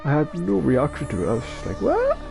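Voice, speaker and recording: A man's voice: medium pitch, sing-song, fast talker, gravelly, music in the background. A tired young man with a Scottish accent chatting casually while playing online, rambling and joking with plenty of swearing. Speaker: gamer streaming online matches. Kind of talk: casual chat while gaming.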